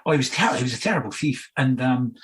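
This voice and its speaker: A man's voice: medium pitch, animated, quick pace, fairly bright tone, rough recording. A Scottish man in his sixties, a musician guest in a casual interview, telling rambling anecdotes full of fillers and asides.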